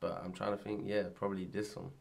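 A man's voice: fairly low pitch, flat delivery, fast talker, creaky, a little mellow. A British man co-hosting a music reaction video, with laid-back, thoughtful remarks. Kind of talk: casual reaction chat.

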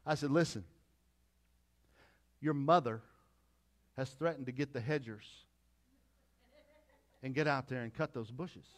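A man's voice: medium pitch, unhurried, long pauses. A middle-aged pastor preaching a conversational sermon with repeated phrases and asides to his congregation.

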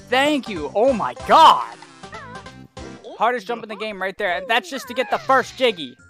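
A man's voice: high voice, very animated, normal speed, sharp tone, soft background music. A young man giving rambling gameplay commentary, easily exasperated and ranting at the game. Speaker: let's play commentator.

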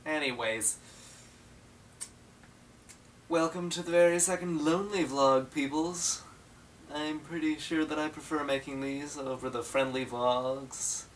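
A young man hosting a comedic solo vlog, playfully bickering with himself and jumping into higher voices. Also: steady tone, normal speed, recorded from a distance, slight background noise. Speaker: vlogger.

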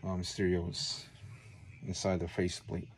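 Man, deep gravelly voice, slow easygoing how-to talk, faint hiss behind. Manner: relaxed, talks to viewers as guys. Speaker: vintage stereo hobbyist. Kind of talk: casual how-to narration.

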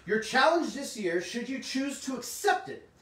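A middle-aged man, slightly hoarse, hosting a comic shop livestream in casual, chatty talk and answering viewers' comments. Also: very high voice, sing-song, normal speed, fairly bright tone. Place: indoor room. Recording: roomy, distant mic, faint noise.

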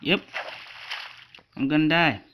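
A gaming channel creator talks over a match in loose, casual commentary. The delivery is unhurried and drawn out, full of irritated swearing and the same grievance repeated again and again. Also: medium pitch, highs cut off, a little hiss or hum. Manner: frustrated, swearing rants with much repetition.

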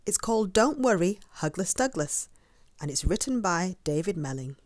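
A woman reading a children's picture book aloud, expressive and stopping to ask the listener questions. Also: lowish voice, normal speed, no room sound, clean studio sound. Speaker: storyteller. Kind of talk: children's story read-aloud.

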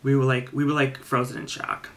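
A man's voice: mid-range voice, little pitch movement, fairly quick, fairly bright tone. A man in his late twenties telling a spooky story in casual narration, rambling with lots of fillers and the odd swear word.

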